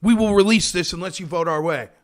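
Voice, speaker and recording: A man voicing a Russian official who makes a blackmail threat, in a flat, threatening delivery without any accent. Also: high-pitched, fast, natural voice. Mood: menacing.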